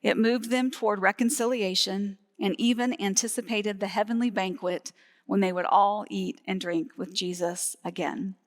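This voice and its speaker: A woman's voice: mid-range voice, fairly even intonation, moderate pace. Woman, pastor, live church sermon, mid-range voice, long hall echo. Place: church sanctuary, live service.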